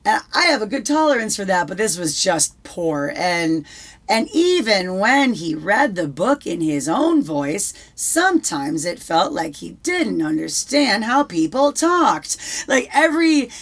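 A woman's voice: fairly low pitch, sing-song, a little slow, vocal fry. A young woman co-hosting a casual talk show, swearing freely and restarting her sentences. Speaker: podcast co-host. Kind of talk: casual chat.

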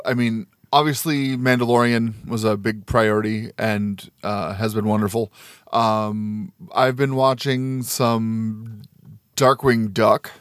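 A man's voice: on the low side, clear, resonant tone, dry recording, studio quality. A man co-hosting a podcast, laid-back and rambling, with many ums and uhs. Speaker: podcast co-host. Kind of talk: casual podcast chat.

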